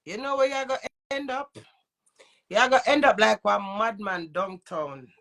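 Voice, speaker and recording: A woman's voice: fairly high pitch, normal speed, fairly bright tone. A woman with a Jamaican accent and a runny nose, ranting in heated, profane patois. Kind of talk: angry rant to camera.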